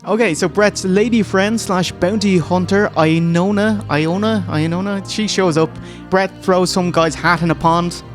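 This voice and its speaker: A man hosting a casual review podcast, chatty and quick to laugh. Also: sits high, fairly even intonation, faint music behind. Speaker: podcast host.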